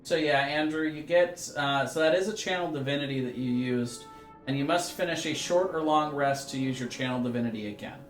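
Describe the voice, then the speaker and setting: Game master in a roomy space. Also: male voice, a little high, fairly quick, soft background music. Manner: relaxed, explains rules with many fillers. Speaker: dungeon master. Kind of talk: running a tabletop game over voice chat.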